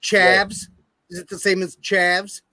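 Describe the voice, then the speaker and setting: A man's voice: high voice, completely flat delivery, slow pace, sharp tone, no room sound. A man co-hosting a casual livestream chat, making blunt, crude jokes. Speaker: co-host of a livestream show.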